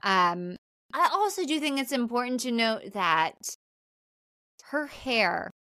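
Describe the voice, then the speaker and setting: A woman's voice: on the high side, big pitch swings, slow pace, pushed and bright, no echo. Young woman podcast co-host, casual recap talk, dry close mic. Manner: chatty, frequent "like" fillers, profane.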